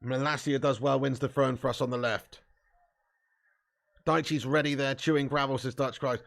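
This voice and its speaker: A man hosting a live football watch-along, commenting on play, cheering loudly and chatting casually with viewers. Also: medium pitch, normal speed, gravelly. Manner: excitable, bursts into loud cheering, swears freely, chats to viewers. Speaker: fan watch-along host.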